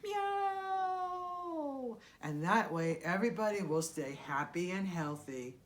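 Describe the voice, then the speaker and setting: A woman's voice: sits low, normal speed. A woman hosting a children's puppet show, patiently explaining things to her puppet in a sing-song way.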